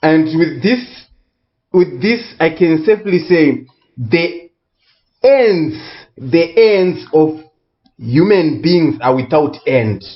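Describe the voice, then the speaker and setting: A man tutoring economics in a recorded lesson, speaking deliberately and repeating key words for emphasis. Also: a little high, expressive, dull audio. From Southern Africa.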